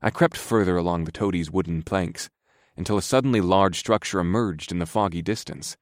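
Man, very low voice, wry grumbling first-person narration, dry close mic. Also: a little fast, darkish tone, no echo. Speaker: audiobook narrator.

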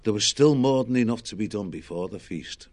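A man narrating an audiobook in a measured storytelling manner. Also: lowish voice, lively intonation, darkish tone.

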